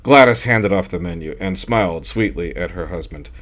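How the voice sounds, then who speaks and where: A man's voice: sits low, normal speed, fairly bright tone. Man reading a dry horror story. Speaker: audiobook narrator. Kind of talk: scripted narration.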